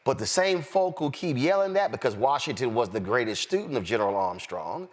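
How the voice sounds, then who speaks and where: A man hosting a panel discussion, his voice rising and falling with a lively, sermon-like cadence. He speaks emphatically, hammering home each point before handing off to his guests. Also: mid-range voice, fairly quick. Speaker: host. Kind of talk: impassioned panel talk show commentary.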